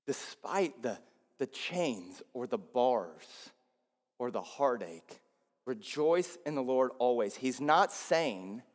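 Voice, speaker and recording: A male pastor preaching a sermon, swinging between loud rises and low, quiet drops. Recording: long hall reverb.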